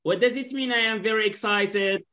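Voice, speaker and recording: Her voice is medium in pitch with a fairly bright tone as she teaches an English class online through a video call. A native Arabic speaker, she stays patient, repeats words at a slow pace, and explains things in Arabic.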